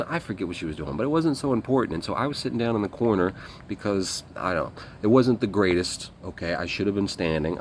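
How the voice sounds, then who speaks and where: A man's voice: low-pitched, slight background noise. A man telling a story about his military days in a casual, rambling way, blunt and full of fillers and swearing. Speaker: guest recounting military service.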